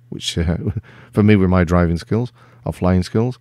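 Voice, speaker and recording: A middle-aged man hosting a casual software walkthrough, relaxed and self-deprecating, rambling with lots of fillers. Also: low-pitched, unhurried, no echo, clean studio sound. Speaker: tech video host.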